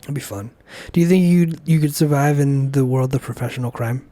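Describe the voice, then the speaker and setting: A man's voice: medium pitch, a little fast, dark tone, no room sound. A man co-hosting a casual chat podcast, joking and swearing in loose banter. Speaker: podcast co-host.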